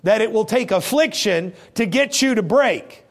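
A middle-aged male preacher delivering a sermon with animated storytelling. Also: high-pitched, measured pace. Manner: animated storytelling, acting out scenes in voices.

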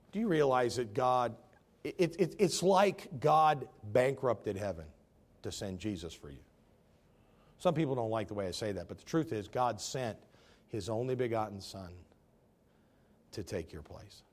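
A man preaching a Baptist sermon, telling a story and swinging from hushed asides to loud, fervent points. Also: medium pitch, lively intonation, a little slow, pauses often.

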